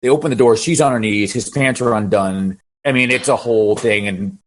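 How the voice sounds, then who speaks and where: A man who works as a DJ, telling an animated story and asking for advice on a video call, with halting restarts. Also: medium pitch. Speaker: DJ asking a question.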